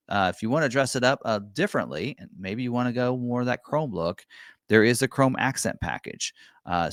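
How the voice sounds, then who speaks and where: A man's voice: low voice, no echo, clean studio sound. A man from a car dealership casually walking through truck packages and prices, with lots of "um" and "for you". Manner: relaxed, filler-heavy, repeats "for you". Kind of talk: casual product walkthrough.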